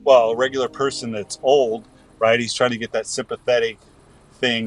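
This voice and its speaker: A man's voice: mid-range voice, steady tone, normal speed, poor audio. A man from the US West Coast co-hosting a podcast, talking in a heated, ranting way. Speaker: podcast co-host. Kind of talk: casual political chat.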